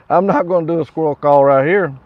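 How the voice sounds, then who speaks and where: A man's voice: fairly high pitch, phone-quality sound. A man with a West Virginian accent, hosting a casual live morning chat, rambling folksily and reading viewer comments aloud with chuckles. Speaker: host of a live morning coffee stream.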